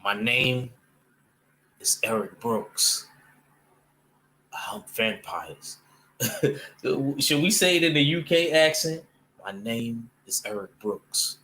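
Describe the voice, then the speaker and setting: A man voicing a grim male vampire hunter in a put-on British accent, speaking slowly and deliberately. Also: animated, pushed and bright, slight background noise, poor audio. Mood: grave. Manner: slow, low, deliberate delivery.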